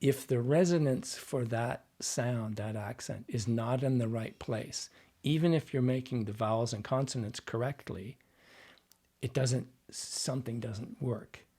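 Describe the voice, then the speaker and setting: A man's voice: medium pitch, measured pace, warm tone, husky. A man being interviewed as a dialect coach, explaining his craft step by step in a teaching manner. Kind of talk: podcast interview conversation.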